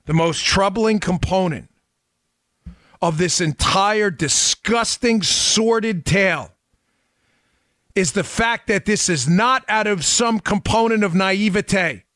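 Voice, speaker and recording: A man's voice: high-pitched, slow pace, a bit bright, no room sound. A man hosting a political talk show, delivering an impassioned monologue full of mocking rhetorical questions. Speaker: political commentary host.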